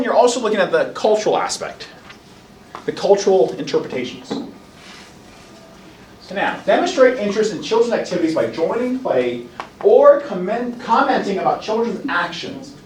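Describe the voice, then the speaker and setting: A man gives a college lecture in a high, highly animated voice, slipping into quick acted asides as parents and children. He is heard from across an echoey classroom. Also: slight background noise. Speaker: college instructor. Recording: roomy classroom heard from a distance.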